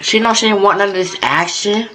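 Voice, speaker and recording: A man's voice: high voice, brisk, pushed and bright, slight background noise, rough recording. A young man from North Carolina, telling a story in a laid-back, conversational vlog style. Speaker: vlogger.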